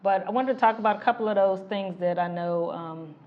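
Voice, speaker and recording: A middle-aged woman, a relationship coach, co-hosting a casual couple's talk show in a measured, reflective way. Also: mid-range voice, lo-fi sound. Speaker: relationship coach and podcast co-host.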